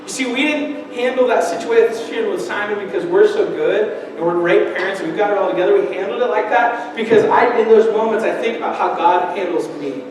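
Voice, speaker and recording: A man's voice: sits high, fairly quick, hardly any pauses, a little hiss or hum. A man preaching a sermon as pastor, telling a family story in an earnest way and building to emphatic appeals. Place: church sanctuary. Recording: echoey church hall, mic at a distance.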